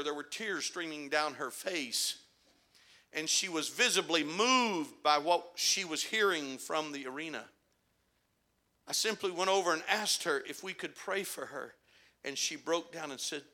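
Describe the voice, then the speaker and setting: A male pastor preaching a sermon, telling stories quietly and then rising to shouted, fervent climaxes. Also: fairly high pitch. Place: church sanctuary.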